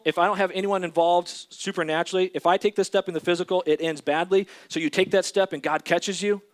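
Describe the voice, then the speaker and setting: A man preaching a sermon as pastor, earnestly acting out little imagined conversations. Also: fairly high pitch. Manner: earnest, acts out imagined dialogue. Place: church.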